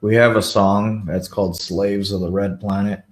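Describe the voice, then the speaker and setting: Laid-back low-voiced man, guest. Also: flat delivery, moderate pace. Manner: laid-back, agreeable, short reactions. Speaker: guest singer. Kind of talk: casual chat.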